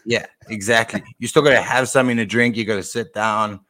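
A man's voice: lowish voice, fairly even intonation, brisk, pushed and bright, no room sound. A man co-hosting a casual Christian podcast, laid-back and agreeable, laughing often. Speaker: podcast co-host. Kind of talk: casual chat.

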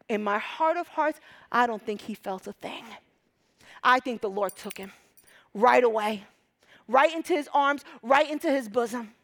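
A woman's voice: a little high, moderate pace, vocal fry. Passionate woman preacher from Egypt. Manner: passionate, swinging between hushed whispers and loud emphatic peaks. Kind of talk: sermon.

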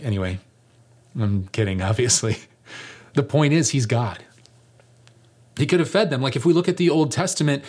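A man preaching a sermon as pastor, animated and jokey, acting out the lines he quotes. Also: mid-range voice.

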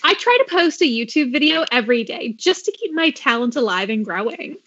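A woman's voice: sits high, expressive, fairly quick, fairly bright tone, dull audio, a little hiss or hum. A woman reading a fame-hungry teenage girl. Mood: earnest. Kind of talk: reading a script aloud.

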